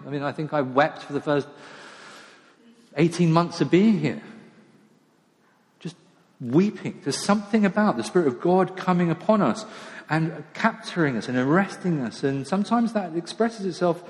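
Preacher in a reverberant church. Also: male voice, sits high, moderate pace. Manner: conversational, self-deprecating, with quiet asides. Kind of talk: sermon. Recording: long church hall reverb.

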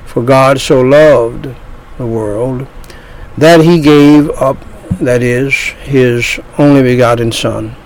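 A man preaching an evangelistic sermon, slow and deliberate, drawing out his phrases. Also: mid-range voice, fairly even intonation, a little mellow, low-quality recording.

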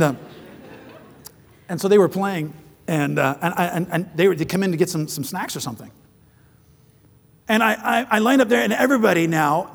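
A man delivers a sermon in a high, gravelly, husky voice that rings through a long-reverberating hall. He is animated, tells stories with loose restarts, and acts out the voices of the people in them. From foreign-born, living in southern China. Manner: animated, acts out quoted voices, shouts at peaks; rambling, with frequent restarts in anecdotes. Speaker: preacher.

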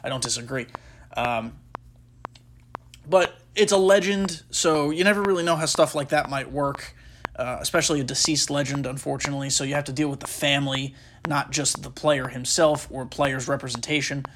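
A man's voice: medium pitch, fairly even intonation, normal speed, fairly bright tone, a little hiss or hum. A man hosting a podcast, chatting casually and rambling through speculation while he plays a baseball video game, often stopping mid-thought with fillers. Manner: rambling, self-interrupting, with frequent fillers. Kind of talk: casual gaming commentary and speculation.

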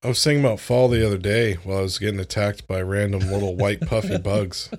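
A man's voice: fairly low pitch, fairly even intonation, fast, darkish tone. A young man co-hosting a podcast, talking in an easygoing, slangy way while tired and yawning. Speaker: podcast co-host. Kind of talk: casual chat.

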